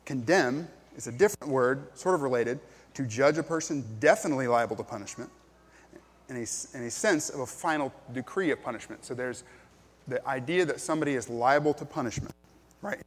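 A man's voice: mid-range voice, brisk, husky, long reverb tail. A man preaching a sermon as pastor, earnest and plain-spoken, with frequent ums and restarts.

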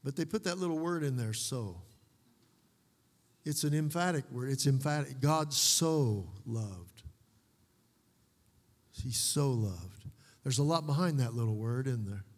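A man's voice: mid-range voice, darkish tone. Deliver as a folksy preaching man in a reverberant hall. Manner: folksy, joking asides with slow emphatic repetition. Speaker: pastor. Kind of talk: sermon.

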